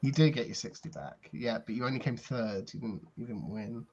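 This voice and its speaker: Relaxed guy running a tabletop game, slightly muffled lo-fi mic. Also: mid-range voice, fairly quick, breathy edge. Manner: calls rolls, plays side characters, relaxed. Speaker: game master.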